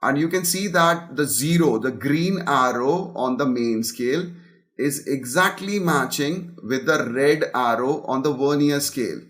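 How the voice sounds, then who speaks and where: A man's voice: on the high side, fairly bright tone. A man with an Indian accent teaching an online class, mixing English and Hindi and often checking in with "got it?" and "okay". His audio keeps breaking up because of a weak connection.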